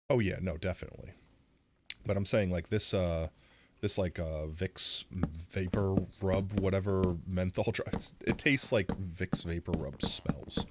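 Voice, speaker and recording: A man's voice: low voice, slight background noise. A man streaming live with a sore throat, rambling casually into a close mic while he plays. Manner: rambling, self-deprecating, reacts loudly.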